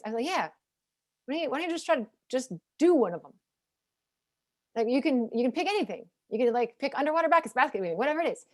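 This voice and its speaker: A woman in her forties moderating a panel over a video call, chatty and quick to laugh while telling family stories. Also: sits high, big pitch swings, dry recording, studio quality. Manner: chatty, laughs easily, plays out family dialogue. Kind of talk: casual panel talk.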